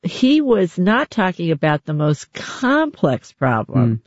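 A host interviewing an author, telling anecdotes in an animated, playful way. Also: medium pitch, takes it slowly, dry recording, muffled recording. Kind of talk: conversational interview.

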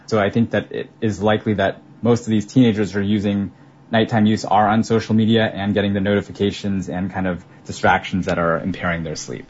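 A man explaining research findings in an interview clip, in a flat, explanatory way. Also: on the low side, brisk, slightly rough, muffled recording.

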